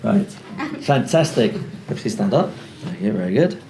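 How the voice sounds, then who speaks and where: A male rabbi who leads a seminar, talks in a lively, joking way and brings the audience in. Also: on the low side, measured pace, slight background noise. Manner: animated, joking, talking to the audience. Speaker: rabbi leading a parenting seminar. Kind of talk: lively seminar talk with role-play. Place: lecture hall.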